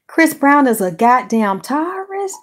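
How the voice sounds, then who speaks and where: A woman, chatting casually to her viewers as a celebrity gossip host, animated and full of curses. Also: high-pitched, a little slow. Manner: animated, swearing, talks straight to her viewers. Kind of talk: casual chat.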